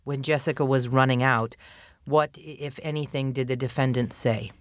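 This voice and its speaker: A woman prosecutor questioning a witness in court, with measured, probing questions. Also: extremely low pitch, fairly even intonation, no echo, clean studio sound.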